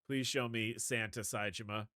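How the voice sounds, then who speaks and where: Excitable male game streamer. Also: on the low side, moderate pace, smooth, no echo. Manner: excitable, laughs often, talks to chat. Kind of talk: live gameplay commentary.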